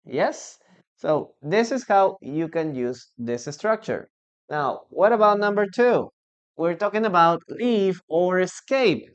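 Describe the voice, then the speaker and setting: A man with a Peruvian Spanish accent teaching an online English lesson, slow and deliberate, repeating words for learners. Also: high-pitched, animated, dull audio.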